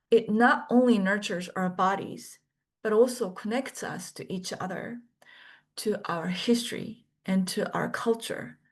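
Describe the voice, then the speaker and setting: A woman instructor reads a scripted orientation lecture in a measured, deliberate manner. She pauses between the items of each list, and her voice sits at an ordinary middle pitch. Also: creaky. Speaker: course instructor.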